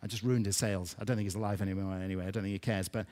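A man preaching a sermon to his church, earnest, stumbling over and repeating words, swelling louder when he stresses a point. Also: lowish voice, fairly even intonation, very fast, few pauses. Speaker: pastor.

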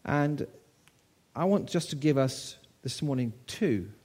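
A man's voice: medium pitch, animated, slow pace, darkish tone. A man in his sixties from the United Kingdom preaching a sermon to his church, telling a story in a conversational way with rhetorical questions.

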